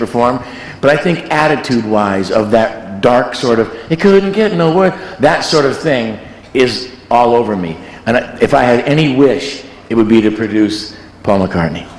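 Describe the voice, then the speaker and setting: A man's voice: medium pitch, normal speed. A man who is a music producer, telling rambling, joking stories in a casual interview. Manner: rambling, animated storyteller, joking. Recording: echoey hall.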